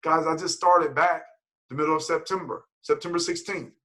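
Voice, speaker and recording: A man leading a motivational team call, energetic and preachy, repeating himself for emphasis. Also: on the high side, normal speed, low-quality recording. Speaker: team leader.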